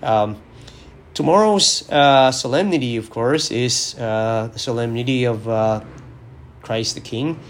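A man's voice: medium pitch, a little slow. A man, a parish priest, giving a reflective podcast homily with frequent restarts, his voice strained from illness.

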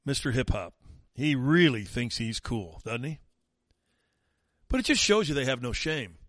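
A man's voice: mid-range voice, very animated, a little slow, a bit bright, no room sound, studio quality. A man hosting a talk show, giving sarcastic, mocking political commentary. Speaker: talk radio host.

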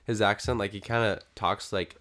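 A man's voice: on the low side, fairly even intonation, moderate pace, fairly bright tone. Young adult man, laid-back, joking co-host. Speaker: podcast co-host. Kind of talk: casual chat.

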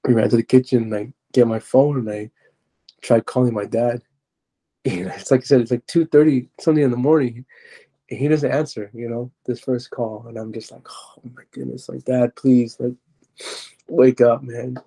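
A young man telling his personal testimony as a podcast guest, halting and restarting as he searches for words. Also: medium pitch, steady tone, mellow.

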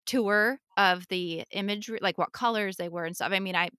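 A woman hosting a casual podcast interview, asking questions in a relaxed way with lots of "like" and "um". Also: mid-range voice, a little fast, clear, resonant tone. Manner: relaxed, hesitant, lots of likes and ums. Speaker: podcast host.

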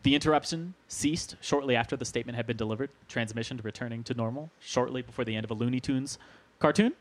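A man hosting a casual podcast, relaxed and joking as he reads from his notes. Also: mid-range voice, fast. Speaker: podcast host.

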